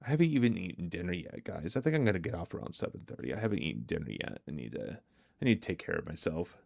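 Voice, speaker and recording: A man's voice: low-pitched, very animated, fast talker, creaky, darkish tone, no echo. A man hosting a livestream, chatting casually with viewers, answering their comments aloud and laughing often. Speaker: livestream host. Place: home streaming setup.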